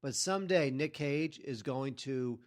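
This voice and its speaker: A man's voice: mid-range voice, unhurried. A man co-hosting a film review podcast, blunt and wry, dismissing films he dislikes. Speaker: podcast co-host. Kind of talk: casual film review chat.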